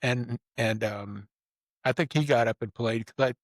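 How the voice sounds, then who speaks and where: An older man hosts a relaxed conversation and spins loose, rambling anecdotes with colorful language. His voice sits in an ordinary middle pitch. It is recorded close, with a dry sound and no room echo. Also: normal speed. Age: 50s or older. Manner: rambling, swearing, restarts and acts out quotes. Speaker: podcast host. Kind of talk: casual storytelling chat.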